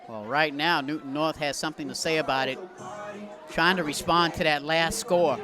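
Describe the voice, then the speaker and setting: A man calling a local high school football game as play-by-play announcer from the press booth. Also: normal speed. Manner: excited shouting on big plays. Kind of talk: local sports commentary. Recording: loud crowd and music behind.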